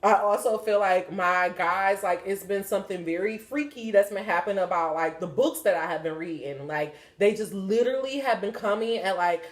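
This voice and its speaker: A woman's voice: medium pitch, moderate pace, hardly any pauses. Frank, rambling woman in an echoey room. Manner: rambling and profane, with many fillers. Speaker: podcast host. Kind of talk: candid spiritual chat. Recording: roomy echo.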